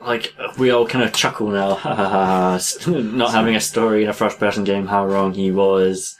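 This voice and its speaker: A man's voice: on the low side, a little hiss or hum. A man co-hosting a podcast, chatting loosely with many hedges and frequent laughs. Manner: rambling, hedging with 'like', laughs often. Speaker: podcast co-host. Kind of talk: casual chat.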